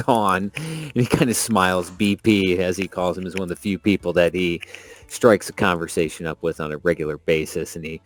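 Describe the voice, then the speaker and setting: A man's voice: low-pitched, moderate pace. A man playing in a tabletop game, easygoing as he narrates his character. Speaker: player. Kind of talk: tabletop role-play.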